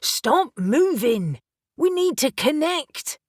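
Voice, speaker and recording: A woman voicing a brash, impatient young male witch who shouts and teases in an audiobook. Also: fairly high pitch, animated, unhurried, no echo, clean studio sound. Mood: shouting.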